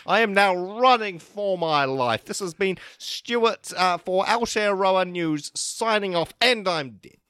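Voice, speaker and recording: A man's voice: high-pitched, animated, takes it slowly, hardly any pauses, sharp tone, clean tone, no echo. A young man with a New Zealand accent improvising a comedy sketch as a mock news reporter.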